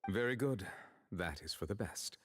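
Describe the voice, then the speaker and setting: An actor playing a poised, formal chief justice who speaks in a polite, measured way. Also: male voice, on the low side, animated, fairly bright tone, a little hiss or hum.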